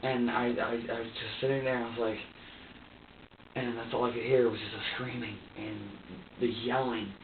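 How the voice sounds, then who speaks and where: A man being questioned as a suspect, telling his side in a halting, repetitive and distressed way. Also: mid-range voice, little pitch movement. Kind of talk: emotional account to investigators. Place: interrogation room. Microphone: far room microphone. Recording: distant, echoey, tinny surveillance recording with faint hiss.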